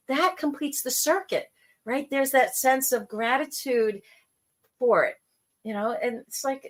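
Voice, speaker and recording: Middle-aged woman, from New York, casual talk, lively storyteller, acts out voices, fairly high voice. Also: unhurried. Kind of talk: casual conversation.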